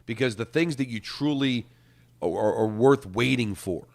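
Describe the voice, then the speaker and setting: A man's voice: mid-range voice, moderate pace, creaky. A middle-aged man, hosting sports talk radio and rambling, repeating words as he thinks.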